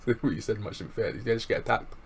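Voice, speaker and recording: A man reviewing a wrestling show in a casual, excitable, slangy recap chat. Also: lowish voice, quick pace, noisy background.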